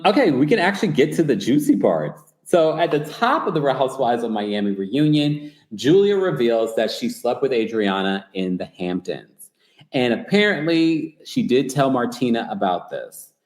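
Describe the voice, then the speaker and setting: A man's voice: medium pitch, a little mellow, echoey room. A man hosting a livestream recap show, reading viewer comments in a chatty, gossipy way while tired and yawning late at night. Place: away from home while traveling.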